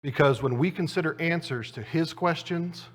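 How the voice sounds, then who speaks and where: A man preaching in a church, telling a self-deprecating story in a relaxed, conversational way. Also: a little high, moderate pace. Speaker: preacher and Bible teacher. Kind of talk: conversational sermon with a humorous anecdote. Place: church auditorium. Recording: long church reverb.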